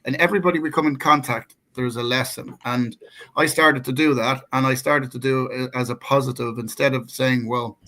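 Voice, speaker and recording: A man's voice: mid-range voice, steady tone, moderate pace, bright, forceful tone. A middle-aged man with an Irish accent, co-hosting a casual talk show and telling a personal story with many restarts and fillers. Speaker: co-host.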